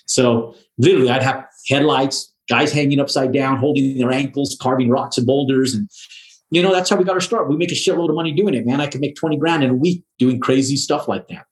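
A man's voice: medium pitch, a little fast, rough recording. Slangy middle-aged man telling stories. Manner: slangy, swears freely, talks in a loose run of restarts. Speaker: guest, home builder. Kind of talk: casual storytelling.

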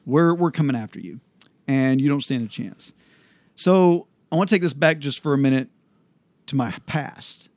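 A man hosting a casual Bible study chat, explaining scripture in a relaxed way with frequent ums and restarts. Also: medium pitch, normal speed, no echo.

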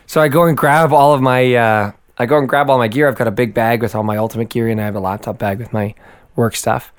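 A hoarse young Canadian man in casual podcast chat, rambling through a story and laughing often. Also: medium pitch, fairly even intonation, quick pace, no echo, clean studio sound. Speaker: podcast co-host.

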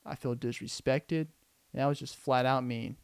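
Man putting on a schoolgirl, calm, reflective, soft-spoken, slightly lower, quiet. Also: clear, resonant tone, no echo, close to an everyday voice. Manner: soft, slow, thoughtful inner monologue. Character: calm schoolgirl reasoning through being bullied.

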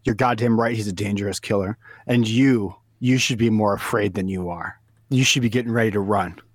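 A man's voice: on the low side, a little fast, no echo, clean studio sound. Man barking mock threats. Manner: mock-aggressive, stammering threats. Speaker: prank caller. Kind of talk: prank phone call.

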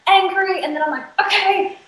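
A woman of middle pitch chats on a podcast with animated energy, acting out her reactions as she tells a story. Her voice carries the ring of an echoey room. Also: a little slow. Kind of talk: casual podcast chat.

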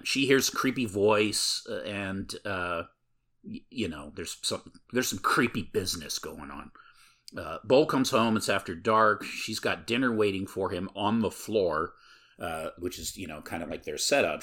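Deep, forceful man recapping a film. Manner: rambling, many filler words. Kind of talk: casual film recap chat.

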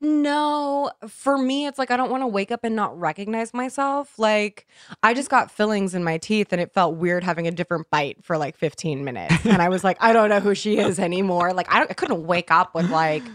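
A woman's voice: mid-range voice, lively intonation, moderate pace, no room sound, clean studio sound. A young woman co-hosting a casual podcast chat, slangy and blunt, swearing freely. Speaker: podcast co-host.

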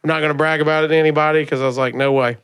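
A man from Alabama with a Southern accent, a comedian telling stories on a podcast in a casual, animated way, acting out other people's lines. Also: on the high side, very fast, smooth. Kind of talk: casual storytelling.

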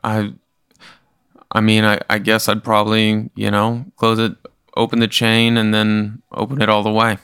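A young man, a comedian, answering a hypothetical in halting, stammering speech. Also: fairly low pitch, monotone, gravelly, a bit bright, clear, resonant tone, no room sound, clean studio sound. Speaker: podcast guest, comedian. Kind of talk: casual improvised chat.

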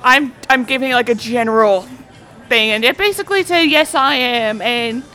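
A woman from Newfoundland talks at a restaurant table in a high, bright voice. She jokes and rambles in easy dinner chat, with faint music in the background. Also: normal speed. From Newfoundland, Canada. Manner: joking, loose, rambling. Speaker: dinner guest. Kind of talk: casual chat.

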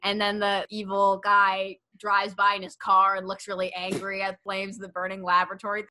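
Bright-voiced woman podcast co-host. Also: medium pitch, moderate pace, slight background noise. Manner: wry, laughing, animated storytelling. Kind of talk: casual chat.

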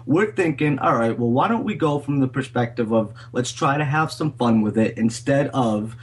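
Husky man. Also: medium pitch, lively intonation, moderate pace. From Boston, USA. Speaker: podcast co-host. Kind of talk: casual podcast chat.

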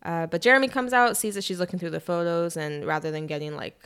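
A young woman casually retelling a novel on a chat podcast, animated, with quick asides and lots of "like". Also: on the low side, clear, resonant tone.

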